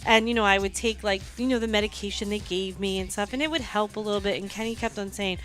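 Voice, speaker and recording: A woman's voice: medium pitch, steady tone, fast talker, a bit bright. A woman with a New York accent hosts a casual live stream in an easy middle register. She tells her own story loosely and swears freely along the way. Faint music plays in the background. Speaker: host.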